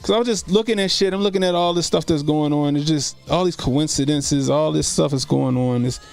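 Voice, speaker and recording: A man's voice: a little high, brisk, vocal fry, darkish tone, faint music behind. A man hosting a casual live stream, telling loose, profane, laughing stories and answering chat comments, speaking. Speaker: streamer host.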